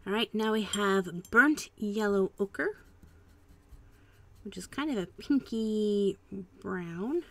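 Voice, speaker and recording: A woman hosting a casual live stream at home, chatting and musing aloud while she paints, with soft trailing asides. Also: medium pitch, lively intonation, takes it slowly, dry recording. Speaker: art channel host.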